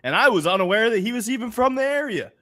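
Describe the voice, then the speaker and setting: Male Philadelphian co-host, animated swearing rants, swinging intonation. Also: high voice, fast talker. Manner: animated ranting, swears, laughs often. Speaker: podcast co-host. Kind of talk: casual sports betting podcast chat.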